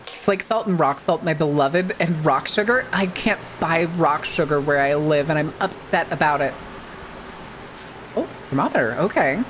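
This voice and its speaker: A woman's voice: low-pitched, moderate pace, a little hiss or hum. A woman VTuber streamer in casual, rambling live-stream chat, swearing freely and using plenty of filler words.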